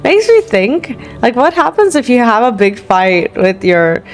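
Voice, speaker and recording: A woman's voice: fairly high pitch, very animated, measured pace. A woman streamer chatting casually and giggling while she plays a game, with faint game music behind. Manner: giggly, chatty, lots of fillers. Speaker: gaming streamer.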